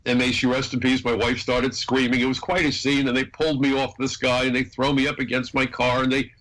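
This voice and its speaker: An older American man, a former federal agent, telling an animated story as a guest on a radio talk show. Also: mid-range voice, a little fast, low-quality recording. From United States.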